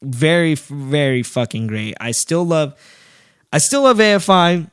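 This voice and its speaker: Guy on a podcast telling stories, dry close mic, does a shaky high voice when quoting people. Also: unhurried, clear, resonant tone, dry recording. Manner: animated storyteller, acts out quotes in a high quivering voice. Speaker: podcast co-host. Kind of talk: casual chat.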